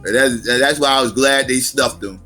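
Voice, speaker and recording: A man hosting a casual livestream, telling stories in a profane, animated way and mocking people with put-on quotes. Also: medium pitch, normal speed, faint music behind. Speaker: stream host.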